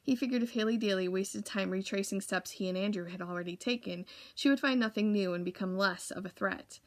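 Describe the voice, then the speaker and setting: A woman reading a children's novel aloud for a library, steady with occasional slips. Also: medium pitch, a little fast. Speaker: library reader.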